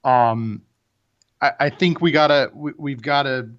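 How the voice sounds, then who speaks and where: A man's voice: mid-range voice, unhurried. A man co-hosting a casual debate podcast, opinionated and often restarting his sentences. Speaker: podcast co-host. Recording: dull lo-fi audio.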